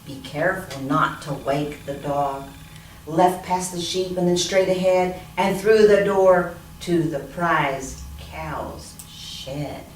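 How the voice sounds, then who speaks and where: Plotting thieves read by a woman, hushed and sly, slow, roomy sound. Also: on the low side, a little hiss or hum. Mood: scheming. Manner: hushed, conspiratorial. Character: two scheming male thieves plotting a theft. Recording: roomy echo from a distant mic.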